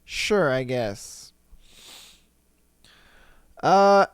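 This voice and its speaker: Slow, smooth-voiced male podcast host. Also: high-pitched, animated, no room sound, clean studio sound. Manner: laughing, incredulous, slangy reactions. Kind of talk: casual commentary on reader stories.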